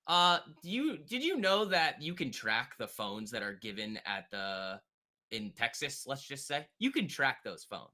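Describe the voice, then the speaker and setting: Speaking at a slightly slow pace, this stock trading livestream host has a mid-range, sing-song voice with a sharp edge. He chats casually, cracks jokes, and responds to his viewers and the charts.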